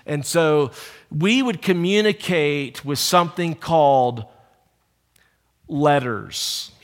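A middle-aged male preacher delivers a sermon with a somewhat high voice. He tells personal stories in a hushed, casual tone, then climbs into emphatic exhortation. The sound carries a long reverb, like a large church hall. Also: slow. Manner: storytelling, shifts from hushed to emphatic.

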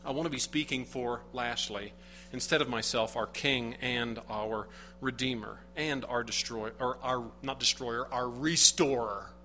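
A man's voice: mid-range voice, measured pace, sharp tone, faint music behind, rough recording. A man preaching a sermon, earnest and emphatic, often building to rising bursts of emphasis. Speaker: pastor.

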